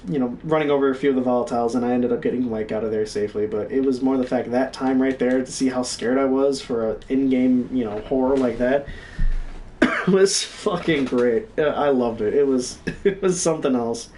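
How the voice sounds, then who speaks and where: A man's voice: medium pitch, a little fast, far from the mic, slight background noise. Profane young man telling gaming stories. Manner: profane, animated, reenacts his own yelling. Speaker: stream co-host. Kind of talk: casual storytelling.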